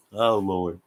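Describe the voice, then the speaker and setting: A man, hosting a casual live chat from home and reading viewer comments in an easygoing, folksy way with lots of laughter. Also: low voice. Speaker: live stream host.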